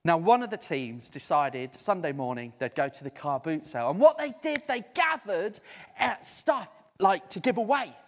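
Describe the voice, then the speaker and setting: A man preaching a conversational sermon in a church hall, lively and emphatic. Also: sits high, normal speed. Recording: echoey hall.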